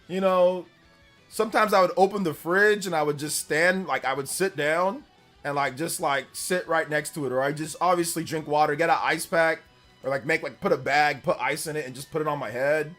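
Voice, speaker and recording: A man in his forties from Central California rambles through a casual live stream, reading donations and loudly retelling stories with laughter and plenty of fillers. His voice is on the high side at a normal speed, with soft music in the background.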